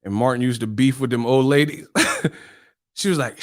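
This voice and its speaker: A man's voice: medium pitch, moderate pace. A male channel host in a casual live-stream chat, telling stories animatedly and laughing often.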